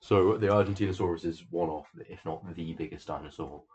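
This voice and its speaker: A man's voice: low voice, a little fast, darkish tone, breathy edge, muffled recording. A teenage boy co-hosting a homemade podcast, joking and rambling in casual chat on a home microphone. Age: teens. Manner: jokey, rambling, laughs often. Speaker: podcast co-host.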